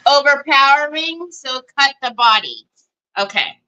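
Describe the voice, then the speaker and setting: On a live crafting stream, a woman host thinks out loud as she works and greets viewers by name in a chatty way. Her voice is high, animated and bright with a pushed quality, and she doesn't rush. The highs in the audio are cut off.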